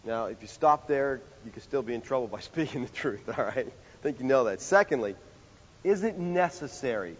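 A male pastor preaching a sermon in a conversational, animated way, full of rhetorical questions. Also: mid-range voice, moderate pace, breathy edge. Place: church sanctuary. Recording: dull sound with long hall reverb.

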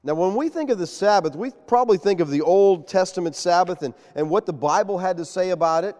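A man preaching a sermon, animated and quizzing his congregation with questions. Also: sits high, brisk. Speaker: pastor. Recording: long reverb of a large hall.

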